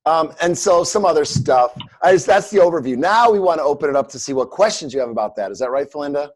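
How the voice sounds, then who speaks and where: A man's voice: fairly high pitch, lively intonation, fast talker. A middle-aged man teaching a coaching class in a casual, rambling way, joking at his own expense, with many fillers. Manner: rambling, jokey, self-mocking, many fillers. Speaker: coaching instructor. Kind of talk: casual teaching on a group call.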